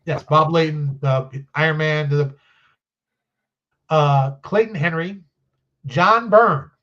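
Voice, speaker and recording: Chatty guy on a remote call, kinda higher voice, muffled lo-fi sound, tells stories and acts out who said what. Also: slow pace. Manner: animated storyteller who acts out quoted conversations; chatty, loose and self-deprecating. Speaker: game designer and publisher guest. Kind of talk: casual live-stream interview chat.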